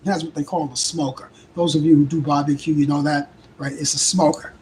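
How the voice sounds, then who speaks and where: An older man with a thick Brooklyn accent hosts a live talk show, his voice hoarse and worn out. He rambles and restarts his sentences, talking in a somewhat high register. A faint hiss of background noise sits under the voice. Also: flat delivery, darkish tone, poor audio. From Brooklyn, New York. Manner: rambling, repeats himself, halting restarts. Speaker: host. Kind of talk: casual live show chat.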